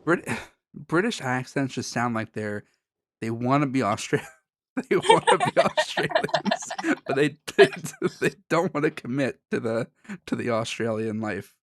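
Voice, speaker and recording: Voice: medium pitch, normal speed, no room sound, clean studio sound. A podcast co-host in casual chat, rambling and cutting in on himself, laughing often.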